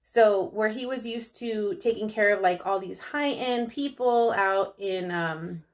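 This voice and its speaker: A woman's voice: medium pitch, measured pace. Upbeat, enthusiastic woman podcast co-host. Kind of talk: casual storytelling chat.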